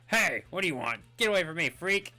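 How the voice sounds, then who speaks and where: A man's voice: animated, a little fast, bright, forceful tone, soft background music. A man voicing a sassy young woman in a video game who talks back defiantly. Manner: shrill, defiant, insulting. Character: sassy young female treasure hunter.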